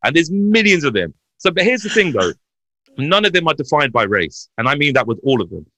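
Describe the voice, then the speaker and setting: A man's voice: a little fast, no room sound, low-quality recording. A man, a podcast guest telling comedic stories in casual chat. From Hounslow, West London. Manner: animated, swings in pitch while telling anecdotes. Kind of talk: lively storytelling chat.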